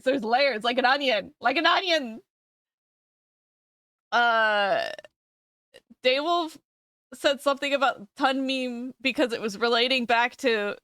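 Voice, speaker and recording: A woman's voice: a little high, fairly bright tone, smooth, no room sound, clean studio sound. A young woman streamer chatting casually with her live audience, giggling often and swearing freely.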